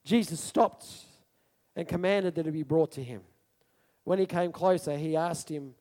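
A male preacher giving a sermon in an animated storytelling manner, asking his congregation questions. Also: on the high side, normal speed, big-room sound.

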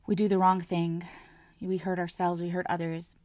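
A woman's voice: lowish voice, little pitch movement, moderate pace, no room sound. A woman and mother talking earnestly about her own experience in a reflective personal talk, often repeating words and restarting her sentences. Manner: earnest and soft-spoken, with frequent word repetitions and restarts.

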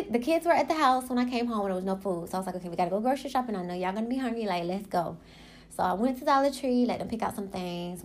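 A young woman hosting her own podcast, rambling in a casual, animated way, swearing and acting out quotes as she tells stories. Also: fairly high pitch. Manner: animated storytelling, swears, laughs, acts out quotes. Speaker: podcast host.

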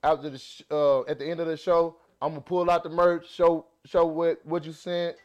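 A high-pitched man with a Southern accent chats on his podcast in a loose, excitable way. He laughs often and restarts his sentences as the thoughts tumble out. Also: normal speed. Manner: animated, laughing, many restarts and fillers. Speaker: podcast host. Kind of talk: casual podcast chat.

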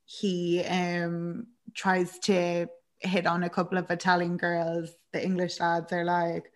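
A woman's voice: on the low side, completely flat delivery, slow. Young woman chatting away about a movie, laughs a lot, does the characters' lines. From Ireland. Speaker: podcast co-host. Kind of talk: casual chat recapping a film.

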